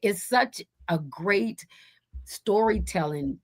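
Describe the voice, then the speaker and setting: Animated storytelling woman on the radio. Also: slow pace. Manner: animated, acts out quoted voices with big pitch jumps; rambling with frequent restarts. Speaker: radio show guest, school co-founder. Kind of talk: casual storytelling interview.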